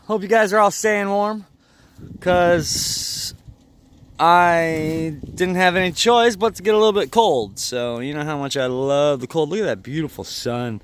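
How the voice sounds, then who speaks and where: A man's voice: on the high side, measured pace, a little hiss or hum. A man vlogging outdoors in the cold beside his car, rambling and joking to himself as he works. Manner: rambling, jokey and self-talking. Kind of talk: casual vlog.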